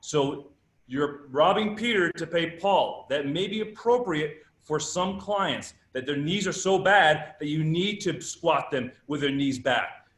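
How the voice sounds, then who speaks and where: A man's voice: a little high, expressive, a little slow, a bit bright. A man giving a live fitness workshop lecture, speaking emphatically and putting rhetorical questions to his audience. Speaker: presenter at a fitness summit. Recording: echoey room.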